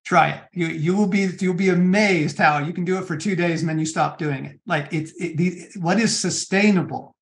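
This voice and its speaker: A middle-aged man, an author giving an interview guest's earnest advice, talking in halting bursts with frequent restarts and fillers. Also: sits high, vocal fry. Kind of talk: conversational interview on spiritual practice.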